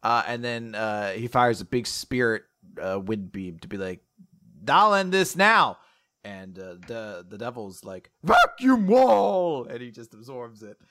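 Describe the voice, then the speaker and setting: A man co-hosting a casual chat, animated, laughing often and acting out the quotes. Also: on the low side, moderate pace, hardly any pauses. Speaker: podcast co-host.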